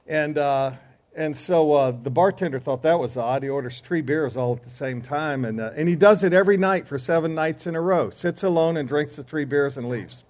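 A man's voice: a little high, moderate pace, a little mellow. A man giving joking news and telling jokes before a class lesson, in a rambling, chatty way. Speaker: class teacher.

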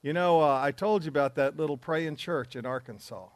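A man's voice: a little high, a little fast, dry recording. Earnest man preaching to a men's group. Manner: earnest, emphatic preaching with asides.

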